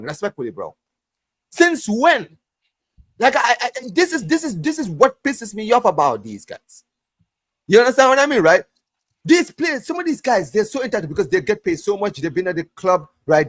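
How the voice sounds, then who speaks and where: A man hosting a casual football podcast, ranting in an animated way, swearing often and restarting his phrases. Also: high-pitched, normal speed, no room sound. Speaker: podcast host. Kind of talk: heated casual football chat.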